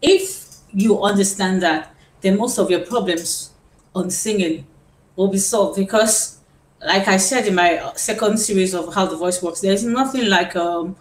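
A woman's voice: medium pitch, measured pace. Roomy-sounding woman voice teacher. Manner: explanatory, repeats words while thinking. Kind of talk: live-stream singing lesson. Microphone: phone. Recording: roomy phone live stream with faint hiss.

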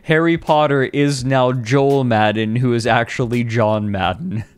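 A man streaming a comedic dramatic reading, deadpan and slow, with laughing asides. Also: mid-range voice, smooth, faint music behind. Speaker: streamer reading a fanfic aloud.

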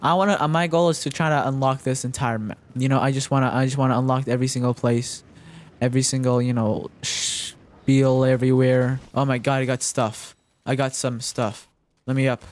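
A man's voice: medium pitch, little pitch movement, a little fast. A young man giving frantic, jokey commentary while playing a game, repeating himself and yelping when he gets startled. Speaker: gaming commentator. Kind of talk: casual gameplay commentary.

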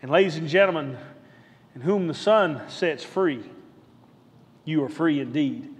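High-voiced man preaching in a reverberant church. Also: a little slow. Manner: rhythmic repetition, calls out to the congregation for response. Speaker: pastor. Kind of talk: sermon. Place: church sanctuary.

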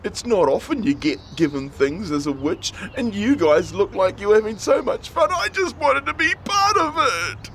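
A man voicing a lonely, gentle real witch who talks in a wistful, pleading way. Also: very high-pitched, huge pitch swings, unhurried, gravelly, few pauses, a little hiss or hum, pitched above the performer's own voice, heavily acted.

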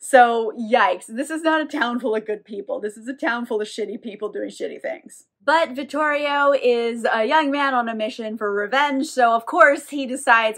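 Woman, slightly high voice, casual book recap, irreverent, swears a lot, acts out quotes. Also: moderate pace, few pauses, fairly bright tone. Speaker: book reviewer.

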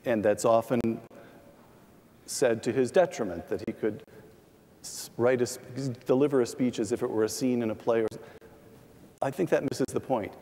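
A man and former speechwriter speaking on a panel, telling humorous anecdotes and reflecting in a measured way. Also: mid-range voice, a little mellow. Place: large hall with long reverb. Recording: echoey hall, from a distance.

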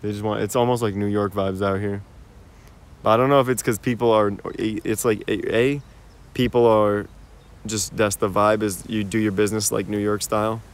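Strolling through a park-like cemetery, a young man from the United States chats with his live-stream viewers over a phone recording, relaxed, slangy and quick to laugh. He speaks at normal speed in a lowish voice with little pitch movement.

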